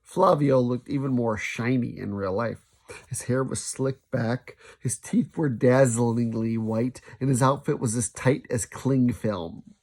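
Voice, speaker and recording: A man reading a children's novel aloud, lively, now and then stumbling and restarting a sentence. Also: mid-range voice, slow. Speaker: storybook reader.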